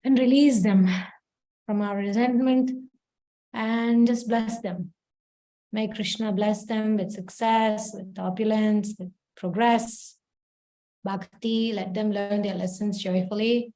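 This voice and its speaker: A woman leading a spiritual session, guiding listeners slowly and soothingly through a forgiveness reflection. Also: mid-range voice, steady tone, mellow. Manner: slow, soothing and encouraging. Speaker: session leader.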